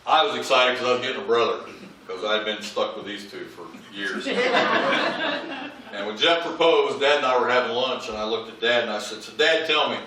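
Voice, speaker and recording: Bright-voiced man telling funny stories in an echoey hall. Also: mid-range voice, animated, normal speed, distant mic, slight background noise. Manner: humorous anecdotes, acts out quoted voices. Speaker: family member giving a eulogy. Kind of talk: storytelling eulogy at a memorial. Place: large memorial hall with audience. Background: audience laughter.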